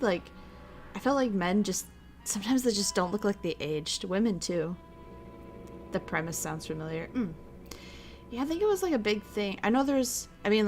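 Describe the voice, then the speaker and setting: A young woman chatting casually while watching a movie with her viewers, full of "like" and quick laughs. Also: fairly low pitch, low-quality recording. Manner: chatty, lots of "like", frequent laughs. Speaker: streamer hosting a watch-along. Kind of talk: casual chat.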